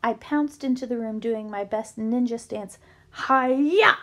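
A woman reading a children's novel aloud with lively storytelling. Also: fairly high pitch, moderate pace. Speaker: book reader.

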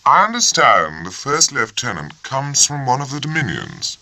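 A man's voice: mid-range voice, wildly swooping pitch, unhurried, bright, forceful tone, pitched above the performer's own voice, heavily acted, rough recording. A man voicing a grave, formal and very courteous naval officer who speaks with stiff precision. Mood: formal, puzzled.

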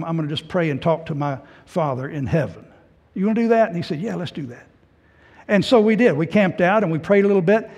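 A middle-aged man preaches a heartfelt testimony, his high, slightly husky voice rising loud and then sinking to a hush. Long reverb from a church hall rings around him. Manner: emotional personal testimony, swinging from loud to hushed. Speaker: pastor. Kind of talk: sermon. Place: church sanctuary.

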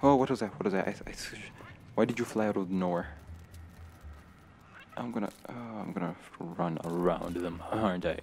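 With slight background noise, a young male streamer does let's play commentary in a low-pitched, darkish voice with vocal fry, speaking at normal speed with long pauses. He comes across as nervous and jumpy, gasping and laughing often as he talks to himself.

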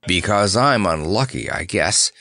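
A man's voice: sits low, expressive, measured pace, sharp tone, dry recording, studio quality, heavily acted. A man voicing an earnest, nervous clown who speaks in a rueful, pleading way. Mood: anxious.

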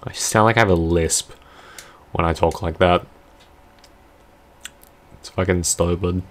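A man giving casual, foul-mouthed commentary while playing a video game, with loud outbursts at it. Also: low voice, fairly even intonation, a little slow, slight background noise.

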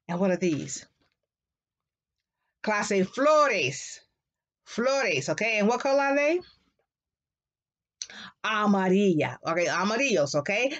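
A woman teaching a Spanish class to young children, repeating words slowly in a sing-song way for them to echo. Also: mid-range voice. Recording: dull lo-fi classroom recording.

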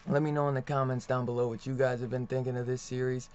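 A man talks through a comic book issue in a loose, rambling rant, cursing freely and breaking into laughs. His voice sits at an ordinary male pitch. The recording is dull and lo-fi. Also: little pitch movement, quick pace, darkish tone, smooth. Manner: loose, profane, laughs often. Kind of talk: casual rambling comic review.

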